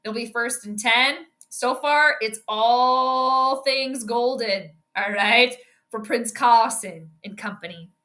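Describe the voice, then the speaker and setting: Young woman streaming a game live, chatty and reactive, bright and a bit high. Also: slow pace. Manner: chatty, reacts loudly to plays, talks to viewers. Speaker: astrology sports streamer. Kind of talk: casual live game commentary.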